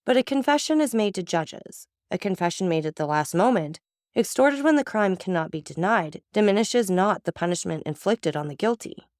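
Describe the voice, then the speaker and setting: A woman's voice: medium pitch, lively intonation, normal speed, a little mellow, no room sound, studio quality, close to an everyday voice. A woman voicing a stern, cold-blooded male magistrate who speaks with contempt and accusation. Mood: accusing.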